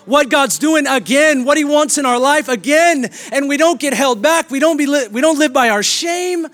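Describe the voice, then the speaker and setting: High-pitched guy preaching a sermon, fired up and repetitive, bit of music underneath. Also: animated, normal speed, a bit bright. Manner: emphatic preaching with repeated declarations. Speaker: pastor.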